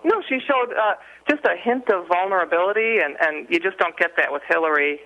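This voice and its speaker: Chatty woman caller, fast talker, slightly higher voice, muffled phone-line sound. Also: expressive, soft background music. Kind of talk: call-in over the phone.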